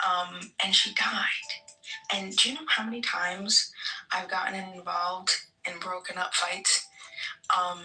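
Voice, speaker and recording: A woman's voice: on the low side, flat delivery, a little slow, bright, forceful tone, recorded from a distance, faint music behind. A woman chatting casually as a guest, rambling with fillers and restarts. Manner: rambling, many fillers and restarts, laughs often. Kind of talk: casual chat. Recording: echoey, off-mic.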